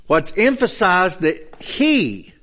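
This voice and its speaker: A man's voice: high voice, sing-song, a bit bright. A man teaching a Bible study lesson, explaining points step by step and checking in with his listeners. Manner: explains slowly, checks understanding with asides.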